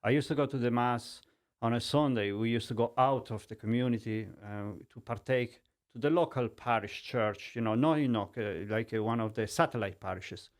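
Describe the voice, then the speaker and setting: A man's voice: medium pitch, normal speed. Middle-aged Italian man, English not his first language, recounting his story with energy and frequent restarts. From Italy. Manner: animated storytelling in broken English, many restarts. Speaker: guest. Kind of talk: personal testimony in conversation.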